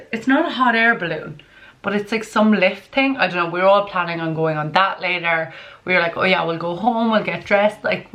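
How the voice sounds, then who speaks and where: A young woman chatting through a storytime vlog from her bedroom, animated and full of "like" and laughter. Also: mid-range voice. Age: young adult. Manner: chatty and animated, heavy use of "like", frequent laughs. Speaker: vlogger.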